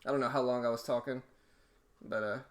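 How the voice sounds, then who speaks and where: A man hosting a live day-trading stream, thinking aloud in a relaxed, halting way, his voice a bit hoarse. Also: medium pitch. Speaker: stream host, day trader.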